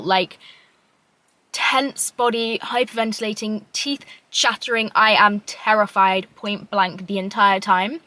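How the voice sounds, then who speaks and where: A woman's voice: mid-range voice, bright, forceful tone, no echo. A young woman telling a rambling personal story to camera, full of "like" and casual swearing. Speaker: vlogger. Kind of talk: candid personal monologue.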